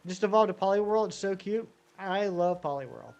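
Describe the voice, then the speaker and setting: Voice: medium pitch, lively intonation, fairly quick, vocal fry, darkish tone, lo-fi sound, soft background music. A live-streaming gamer chatting casually with viewers, rambling and answering the chat while playing.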